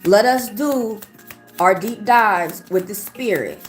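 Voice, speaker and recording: A woman's voice: mid-range voice, expressive, a little slow, soft background music. A woman giving a live-stream tarot reading and answering viewers, talking bluntly and heatedly and swearing often. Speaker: tarot reader.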